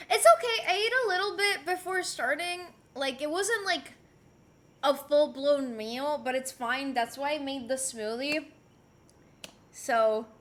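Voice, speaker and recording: A high, somewhat bright female voice belongs to a live streamer at home. She chats casually, reads the chat out loud, and coos at her pet, teasing it between comments.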